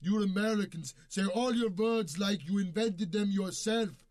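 A man's voice: sits high, measured pace. A man doing a furious metal singer. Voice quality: shouting, contemptuous. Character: angry Norwegian death metal singer, rude and pompous. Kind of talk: sketch comedy acting.

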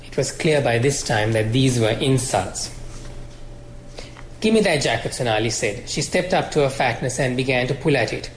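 A male author reading his fiction aloud in a measured, expressive way at a college lecture. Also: medium pitch, reverberant, a little hiss or hum, rough recording.

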